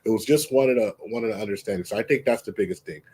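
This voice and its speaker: A man's voice: on the low side, very fast, darkish tone, breathy edge. A man with family roots in Texas, co-hosting an interview on a video call, talking in emphatic, rambling bursts full of restarts. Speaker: co-host. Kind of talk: casual interview chat.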